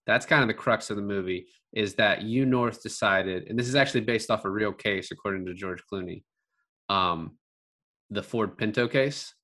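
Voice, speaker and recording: A man with a bright, forceful voice chats casually about a film. He gets animated, drops swear words for emphasis and acts out the characters' lines in his own voice. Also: lowish voice. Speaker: podcast co-host discussing a film. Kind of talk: casual conversation.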